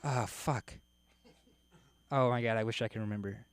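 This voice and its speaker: A man's voice: lowish voice, normal speed, clear, resonant tone. A man doing a loose, self-mocking stand-up set on a comedy club stage, laughing at his own jokes.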